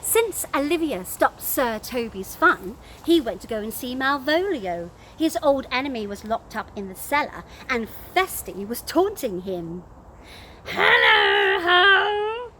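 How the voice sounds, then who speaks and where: British woman, storyteller, animated, high voice, slow pace. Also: slight background noise. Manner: expressive, animated. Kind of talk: storybook narration for children.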